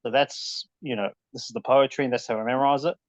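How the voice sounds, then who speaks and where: A man's voice: medium pitch, fairly even intonation, quick pace, no echo, highs cut off. A man teaching a casual recitation lesson, demonstrating letter sounds aloud as he explains. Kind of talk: informal tajweed lesson.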